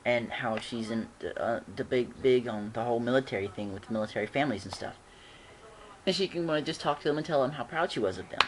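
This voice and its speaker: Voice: medium pitch, fast, a little hiss or hum. A fan recapping a TV episode in a casual vlog, rambling and giggling, with frequent restarts. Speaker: show reviewer.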